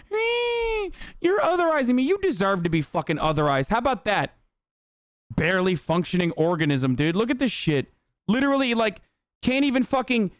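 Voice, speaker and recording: A man's voice: high-pitched, no echo. A young man streamer ranting heatedly and profanely in live-stream commentary, reading posts and mocking them.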